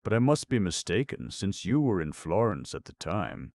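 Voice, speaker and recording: Male narrator doing a bold, prying young woman, coy and teasing, very deep and gravelly. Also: big pitch swings, normal speed, darkish tone, no echo. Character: spirited, nosy young woman adventurer.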